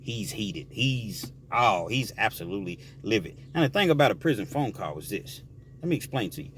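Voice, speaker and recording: A man casually telling a prison story, animated and explaining things directly to the listener. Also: lowish voice, normal speed, a little hiss or hum.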